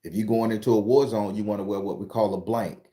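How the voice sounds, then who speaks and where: A man from Florida, hosting a casual live chat and telling stories in a profane, animated way. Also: fairly low pitch, fast talker. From southern Florida. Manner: profane, animated storyteller reading out viewer comments. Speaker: host.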